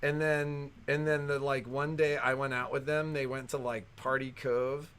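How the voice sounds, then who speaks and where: A man's voice: medium pitch, level tone, moderate pace, fairly bright tone, clear, resonant tone. A man co-hosting a casual livestream, telling wry stories and dropping dry jokes. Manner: wry storyteller, dry jokes, laughs at his own stories. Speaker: livestream co-host.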